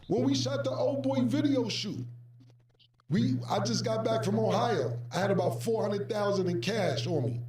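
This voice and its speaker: A man recounts an old story in loose, slangy talk and jumps into the voices of the people in it. His voice sits a bit high for a man. He sounds set back from the mic in an echoey room. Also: normal speed. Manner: animated, acts out quoted voices, profane slang. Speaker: storyteller recounting music business past. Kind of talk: casual anecdote telling. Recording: roomy, distant mic.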